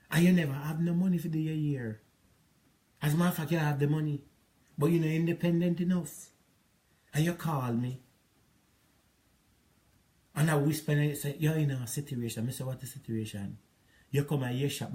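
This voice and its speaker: A man's voice: on the high side, warm tone. A man with a Jamaican accent, ranting at an ex-partner in a rambling, repetitive, scolding monologue. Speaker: relationship advice vlogger.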